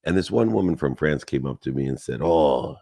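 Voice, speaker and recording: Deep-voiced man giving a motivational talk. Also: animated, fast, vocal fry, warm tone, breathy edge. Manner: emphatic, piles up long lists of words. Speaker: motivational speaker.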